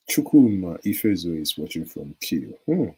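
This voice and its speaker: A middle-aged Nigerian man with a Nigerian accent and a low, husky voice hosts a live-stream chat. He reads out viewer comments, laughs often and drifts into long stories. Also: darkish tone, low-quality recording. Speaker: live show host.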